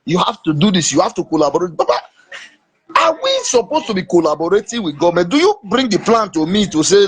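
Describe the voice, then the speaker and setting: A man with a Nigerian accent in casual political chat, emphatic and animated, slipping into Pidgin. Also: sits high, fast, husky. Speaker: podcast host.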